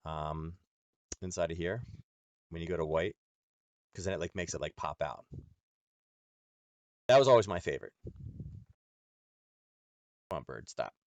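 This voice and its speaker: A man's voice: sits low, animated, a little slow, long pauses, dry recording. A man hosting a live trading lesson, talking casually to viewers about charts and filling his speech with "um" and "like". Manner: loose and chatty, full of "um" and "like", talking to viewers. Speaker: trading educator hosting a nightly chart stream.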